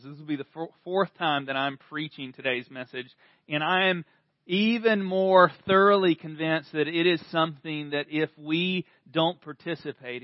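A man preaching in a high, bright voice, talking to his congregation in a chatty way and then building to emphatic peaks. The recording is dull and dry, with no room sound. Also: no echo. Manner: conversational preaching with emphatic swells. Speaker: pastor. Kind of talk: sermon. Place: church service.

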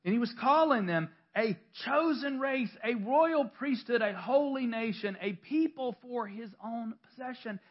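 A high-voiced pastor preaches a sermon in a church, keeping it conversational and self-deprecating with stories, restarts and laughter. The recording sounds dull and lo-fi.

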